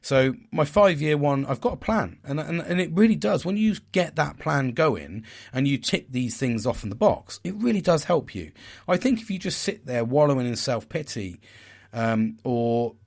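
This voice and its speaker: A man's voice: a little high, lively intonation, moderate pace, creaky. A man, speaking in a frank, rambling way and swearing freely as he hosts a candid personal talk. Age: 40s. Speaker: podcast host.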